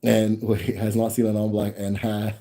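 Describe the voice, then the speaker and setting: This young American livestreamer answers viewer comments in a relaxed, rambling way, often restarting and laughing. He speaks at a normal speed in a lowish, warm, monotone voice.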